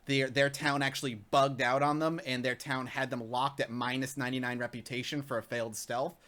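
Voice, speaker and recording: A man co-hosting a live gaming talk show, telling a long story in casual chat and acting out the shouting characters as he goes. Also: mid-range voice, a little fast. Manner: excitable, acts out shouting characters mid-story.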